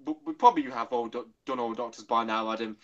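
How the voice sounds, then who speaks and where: A man's voice: medium pitch, quick pace, muffled recording. A man hosting a casual livestream, chatting hesitantly and laughing at his own attempts. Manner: hesitant, with many um fillers, laughing at himself. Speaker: channel host.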